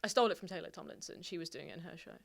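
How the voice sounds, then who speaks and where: A woman's voice: on the low side, rapid-fire, creaky. A woman from Nottingham, a comedian guest telling stories in casual podcast chat and acting out audience voices. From Nottingham, England. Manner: relaxed storytelling, swearing, acting out audience voices.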